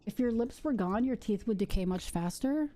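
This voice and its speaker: A young woman streaming a game live, chatting playfully with viewers and reacting loudly with shrieks and giggles. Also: medium pitch, expressive, moderate pace, a little hiss or hum.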